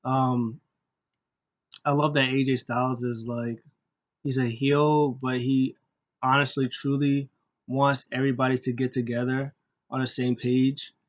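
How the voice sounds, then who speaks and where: A man's voice: medium pitch, little pitch movement, unhurried, pauses often. Rambling, upbeat man recapping wrestling. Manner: enthusiastic, rambling, many fillers, acts out quotes. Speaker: wrestling show recap host. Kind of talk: casual solo recap commentary.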